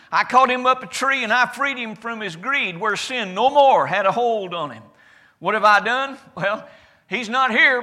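A man preaching in the first person as Jesus, a calm and certain adult man, with a declamatory delivery whose loudness rises and falls. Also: high-pitched, heavily acted. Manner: declamatory, rising and falling loudness. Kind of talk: first-person sermon monologue.

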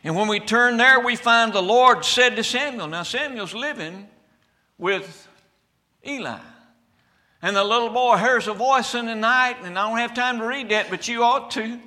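High, bright preacher, shouting and hushed. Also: male voice, normal speed. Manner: preaching with sudden shouted climaxes and quiet drops. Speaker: pastor. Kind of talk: fiery sermon. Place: church sanctuary.

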